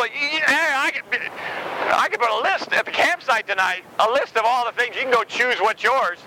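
Man, preacher, high-pitched, emphatic and chatty, laughing often, loud street noise behind. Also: fairly quick. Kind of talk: outdoor sermon. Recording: loud outdoor traffic noise.

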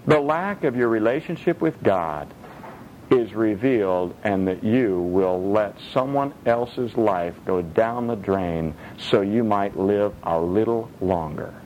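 A male preacher giving a sermon in an animated, dramatic, joking way. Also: fairly low pitch, takes it slowly, dull audio, slight background noise.

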